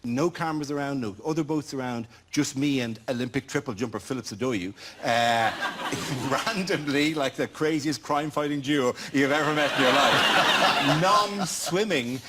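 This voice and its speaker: A middle-aged Irish man, a comedian guesting on a chat show, telling stories in a quick, wry, joking way. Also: medium pitch. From Ireland. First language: Irish speaker, bilingual. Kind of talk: chat show anecdote and banter. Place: TV studio before live audience. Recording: loud studio audience and noise.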